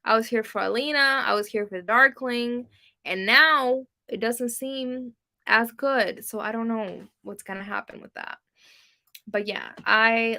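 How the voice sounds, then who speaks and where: Young woman streaming, spanish first language, bright slightly high voice, giggly rambly chat. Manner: chatty, giggly, self-deprecating, lots of ums and likes. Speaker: booktube livestream host. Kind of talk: casual live-stream chat reading comments.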